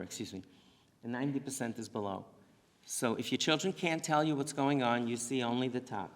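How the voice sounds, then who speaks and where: Rabbi lecturing to a congregation, earnest and self-correcting, mid-pitched man, long hall echo. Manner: earnest, talks in restarts and asides. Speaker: rabbi giving a presentation. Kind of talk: lecture to parents. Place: synagogue hall.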